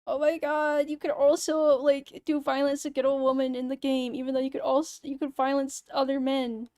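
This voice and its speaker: A woman's voice: high voice, little pitch movement, normal speed, warm tone, no room sound. A young woman streamer in casual livestream chat, ranting sarcastically and swearing freely into a close mic. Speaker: VTuber streamer.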